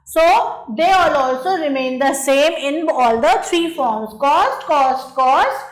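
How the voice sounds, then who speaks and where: Slow, spelling-out woman teacher, echoey room. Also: sits high, animated. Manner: spells words letter by letter, patient. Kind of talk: slow spelled-out grammar lesson.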